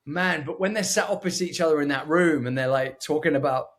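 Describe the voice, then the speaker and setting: Male film podcast co-host, upbeat and animated, voice a touch high. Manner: enthusiastic, quick to agree, animated. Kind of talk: casual film review chat.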